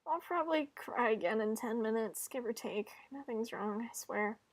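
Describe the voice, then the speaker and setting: A woman voicing a shy, teary student who cries easily, speaking softly and apologetically. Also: a little high, expressive, moderate pace, no room sound. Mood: shy, apologetic. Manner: soft, quiet and apologetic.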